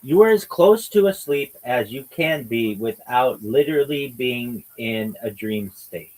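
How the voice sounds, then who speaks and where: A man's voice: mid-range voice, expressive, a little slow, darkish tone, poor audio. A man hosting a casual livestreamed podcast chat, teasing and rambling in a mock-lecturing way. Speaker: podcast host.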